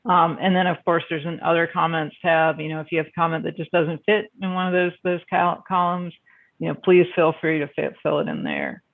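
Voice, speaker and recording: A man presenting a spreadsheet survey on a video call, halting with many fillers and restarts. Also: a little high, lively intonation, creaky. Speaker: meeting presenter. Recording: phone-like band-limited video call audio.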